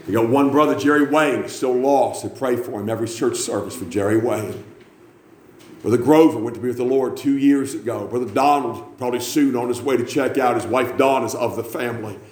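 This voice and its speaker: A man preaching a revival sermon, moving from quiet storytelling to shouted, high-pitched fervor. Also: a little fast, a little hiss or hum. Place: church. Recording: echoey church room.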